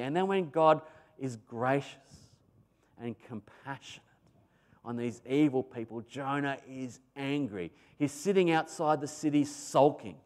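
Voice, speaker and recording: A man with an Australian accent preaching a sermon, telling a story animatedly and swinging between loud emphasis and soft asides. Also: fairly high pitch.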